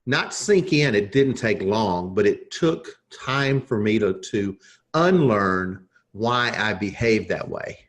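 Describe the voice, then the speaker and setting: A man's voice: lowish voice, animated, slow pace. A man as a podcast guest, telling a personal story in an earnest, reflective way as a leadership coach.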